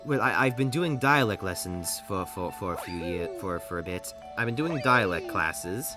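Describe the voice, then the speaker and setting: A game streamer chatting casually on a livestream, rambling and restarting sentences often, with lively swings in energy. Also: sits low, moderate pace. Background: game music.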